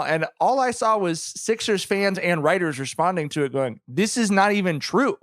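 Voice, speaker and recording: A man with a slightly higher voice, chatting about basketball in a casual, sarcastic, lively way. The recording is dry and close, with no room sound. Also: normal speed, few pauses, dry recording. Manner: animated, sarcastic, laughs often. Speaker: podcast co-host. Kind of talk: casual sports chat.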